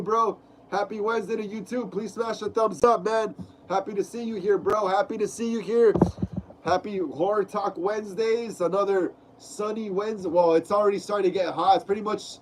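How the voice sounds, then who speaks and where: A man's voice: high voice, fairly even intonation, a little fast. A young man with a stuffy nose from a cold, hosting a casual live stream from home, reading chat aloud and saying bro a lot. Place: home room.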